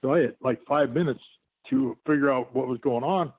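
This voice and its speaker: A man's voice: mid-range voice, normal speed, slightly rough. An older man, a guest on an interview, tells a long rambling story full of fillers and restarts. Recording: tinny dry phone line.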